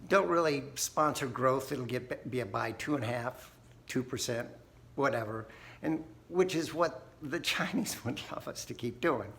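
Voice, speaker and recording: A man's voice: mid-range voice, unhurried, creaky, a bit bright. A man hosting a think tank video, talking casually and folksily, often laughing and tagging "right?" onto his points. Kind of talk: casual talk to camera.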